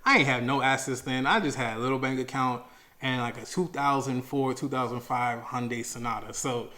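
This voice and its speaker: A young man from Maryland tells his own story in loose, slangy speech. He acts out his past arguments, jumping up in pitch and loudness when he gets worked up. At the heavy parts he drops low and quiet. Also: steady tone, a little fast. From Maryland, USA. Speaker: storyteller sharing a personal finance story. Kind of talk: casual storytelling.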